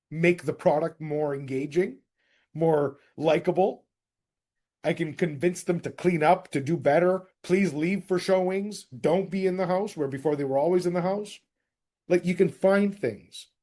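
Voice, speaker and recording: Casting: energetic man, mid-high voice with a dark, mellow tone, leading a sales coaching session. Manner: direct, energetic, addresses group as guys. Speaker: real estate sales coach.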